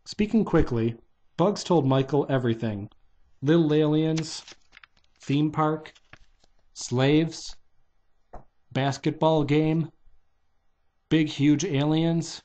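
A man reading a children's book aloud at a medium pitch. His delivery is plain and steady. He moves from line to line like a storybook narrator. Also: measured pace. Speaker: reader.

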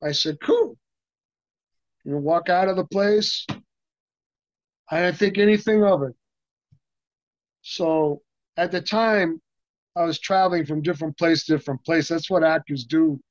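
An older man spins a profane, animated story as an interview guest, starting over and over again mid-sentence. His voice sits a little higher than most men's. The sound is dry and a bit muffled. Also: moderate pace, long pauses, dry recording. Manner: animated, profane, full of restarts and laughs. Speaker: interview guest, stuntman and actor.

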